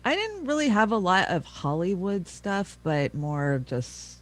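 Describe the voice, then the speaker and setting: Blunt, profane higher-voiced man. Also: very animated, unhurried. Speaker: co-host. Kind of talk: casual political chat.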